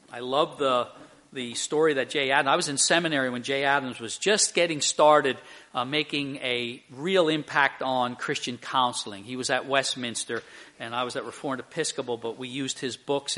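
A man's voice: medium pitch, normal speed, sharp tone. An older man preaching a sermon, telling a story earnestly and acting out the people in it. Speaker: pastor.

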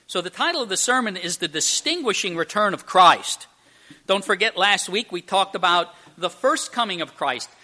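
Lively intonation marks this pastor's high, bright voice, and his tone is forceful at a moderate pace. He tells a joke in his sermon before working through a Bible passage, with frequent restarts and emphatic stresses.

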